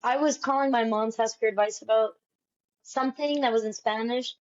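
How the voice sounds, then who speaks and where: High-pitched woman chatting about her life, lots of "like", kinda dull lo-fi audio. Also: a little fast. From United States. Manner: animated, fills speech with "like". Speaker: Broadway actress guest. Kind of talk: casual interview storytelling. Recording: dull lo-fi sound.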